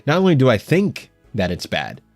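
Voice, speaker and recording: A young man hosting an anime news show, talking in a rambling, animated way with frequent stammers and restarts. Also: medium pitch, normal speed, no echo, faint music behind. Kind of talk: casual solo commentary. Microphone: headphones while recording at home.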